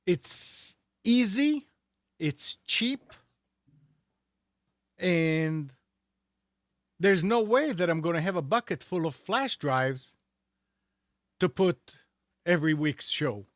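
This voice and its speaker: A man's voice: high voice, animated, takes it slowly, pauses often, no room sound, clean studio sound. A man co-hosting a tech talk show, speaking casually in a rambling, sarcastic way with many restarts. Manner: rambling, sarcastic, self-correcting. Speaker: radio show host.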